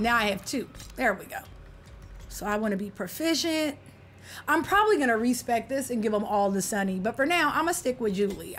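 A woman's voice: fairly high pitch, a bit bright, slight background noise. A woman streaming a game, bantering playfully with a teammate and greeting viewers in casual chat. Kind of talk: casual livestream gaming chat.

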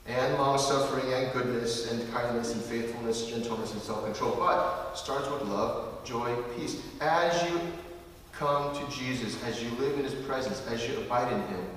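A man preaches in a big hall, his voice ringing with long reverb and heard from a distance. He reads scripture slowly, then talks it over with his listeners in a conversational way. A faint hiss sits under the recording. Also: medium pitch, a bit bright. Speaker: pastor. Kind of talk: sermon.

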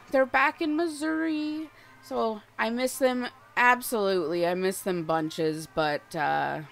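A young woman livestreaming a cozy game, chatting casually and gushing affectionately at the game characters. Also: high-pitched. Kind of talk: casual live-stream chat while gaming.

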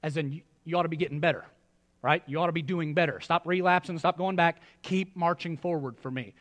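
A man's voice: a little high, a little fast, a bit bright. A male pastor preaching a sermon in a church, in a conversational style with joking asides to the congregation. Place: church sanctuary.

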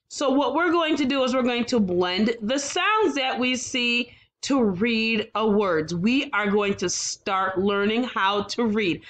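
A woman teaching a phonics lesson to young children, sounding out words slowly and praising often. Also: fairly high pitch, fairly bright tone.

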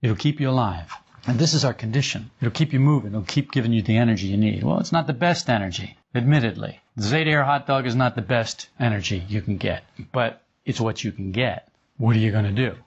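A man's voice: medium pitch, fairly quick, breathy edge. A man teaching a group in an informal spiritual talk, conversational and chuckling often. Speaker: esoteric teacher. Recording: dull lo-fi recording.

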